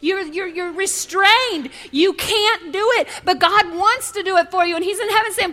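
Woman preacher, high ringing voice, lively storyteller. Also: normal speed, few pauses. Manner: animated, storytelling, impassioned. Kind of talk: sermon.

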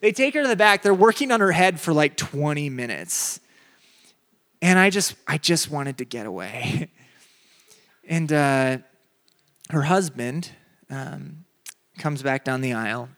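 A young adult man preaching a sermon, telling a funny personal story with big rises in his voice, then dropping low and soft for the message. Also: animated, measured pace, pauses often.

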